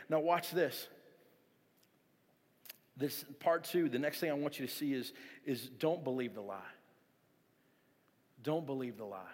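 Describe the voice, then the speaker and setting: A man preaching with a fairly high voice, telling stories in an animated way and stumbling over restarts. His words ring out with a long reverb, as if they were filling a church hall. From South Florida. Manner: storytelling, animated, frequent restarts. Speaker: pastor. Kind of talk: sermon to a youth audience.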